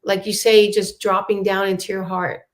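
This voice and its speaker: Woman guest, soothing spiritual tone, mid pitch. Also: little pitch movement. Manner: slow, soothing spiritual talk. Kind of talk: casual chat.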